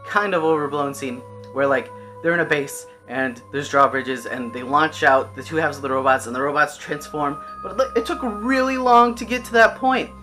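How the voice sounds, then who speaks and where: Bright tense voice, rambly annoyed anime rant, keeps restarting, cusses a lot. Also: mid-range voice, normal speed, soft background music. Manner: rambling and exasperated, frequent restarts and swearing. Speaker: anime reviewer. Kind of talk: casual ranting review.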